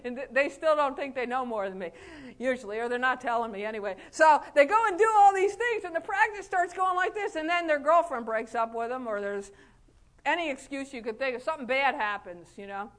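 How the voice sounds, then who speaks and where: A middle-aged woman with a high voice gives a motivational speech to fellow chiropractors. She talks in a folksy, lively way, laughing often and acting out what people said to her. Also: fairly quick. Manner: folksy, animated, laughs often, acts out quotes. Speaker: chiropractor giving a talk.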